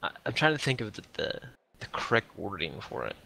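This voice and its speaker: A man's voice: fairly low pitch, very animated, fairly quick, creaky, pushed and bright. A man in casual chat with friends on a game stream, rambling and searching for words. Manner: rambling, hesitant.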